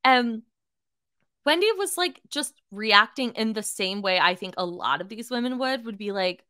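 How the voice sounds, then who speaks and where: Animated woman with a bright voice. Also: medium pitch, moderate pace, no echo, clean studio sound. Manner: animated, swearing, lots of "like" fillers; acts out quoted people in shifting voices. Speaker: podcast host. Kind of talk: casual solo recap podcast.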